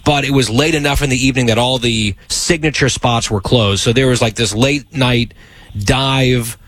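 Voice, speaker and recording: Man host, husky voice, dry close sound, teasing and wry. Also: medium pitch, normal speed, fairly bright tone, no echo. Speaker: show host. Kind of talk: casual chat.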